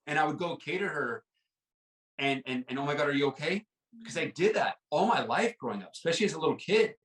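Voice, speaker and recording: A man's voice: fairly high pitch, lively intonation, a little fast, pauses often, a bit bright, recorded from a distance. Earnest man telling his story, roomy sound. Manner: earnest, repeats words, many "like" and "right?" fillers. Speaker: podcast guest. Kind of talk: personal storytelling in an interview.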